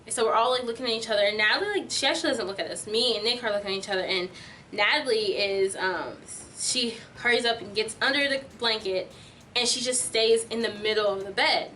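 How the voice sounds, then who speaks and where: A young adult woman vlogger telling a storytime tale in an animated, filler-heavy way. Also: fairly high pitch, fairly quick, far from the mic, a little hiss or hum. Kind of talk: storytime vlog.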